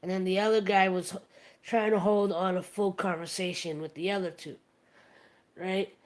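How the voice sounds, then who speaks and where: A woman's voice: mid-range voice, fairly even intonation, moderate pace. A woman hosting a livestream, chatting casually and retelling a funny story with plenty of restarts and acted-out quotes. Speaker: stream host.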